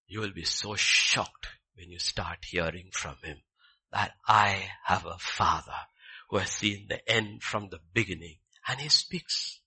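Impassioned preacher, bright voice. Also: male voice, low-pitched, a little slow, breathy edge. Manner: impassioned, swinging from loud declarations to hushed near-whispers; repeats short phrases for emphasis. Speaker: pastor. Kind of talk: sermon.

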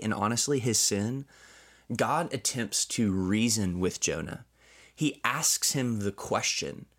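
Man, pastor, low pitch, earnest, devotional scripture teaching. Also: fairly bright tone. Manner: earnest, reads scripture aloud then explains it; ends in spoken prayer. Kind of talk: short devotional Bible teaching.

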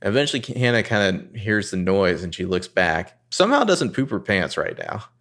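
A man co-hosting a casual podcast, recapping a TV episode and quoting the characters in excited voices. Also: moderate pace. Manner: animated, jumps into high voices quoting characters.

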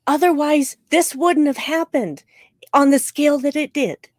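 A woman co-hosting a casual podcast, speaking in an emphatic, impassioned way. Her voice sits a little high. The recording is dry, with no room sound. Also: unhurried, a little mellow, no room sound. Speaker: podcast co-host. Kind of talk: casual chat.

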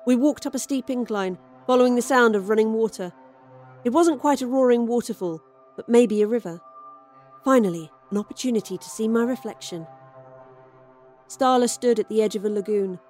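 A woman's voice: on the high side, normal speed, a little mellow, soft background music. A woman reading a first-person sci-fi horror story aloud as storyteller, in a wry, dry tone. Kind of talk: scripted horror story narration.

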